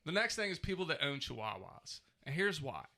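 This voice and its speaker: A man's voice: a little high, brisk, gravelly. A man in his thirties co-hosting a casual comedy podcast, ranting with lots of swearing. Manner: animated, profane ranting. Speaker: podcast co-host.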